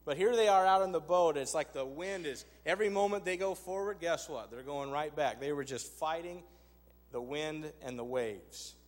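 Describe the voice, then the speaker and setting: A man's voice: fairly high pitch, moderate pace. A man preaching a sermon, conversational and emphatic, with rhetorical asides to his congregation. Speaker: pastor. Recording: long hall reverb.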